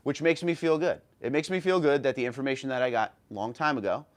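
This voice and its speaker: A man in a relaxed solo livestream, chatting with his audience and reading out their comments. His voice sits at an ordinary middle pitch, and his delivery is friendly and easygoing, with quick hellos to each viewer. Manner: friendly, greets viewers by name, reads comments aloud. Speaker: livestream host. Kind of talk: casual live chat reading viewer comments. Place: home room.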